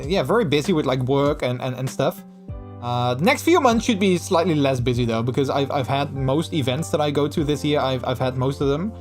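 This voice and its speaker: A man chatting casually on a live stream in an animated, gushing way, full of restarts. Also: mid-range voice, brisk, soft background music.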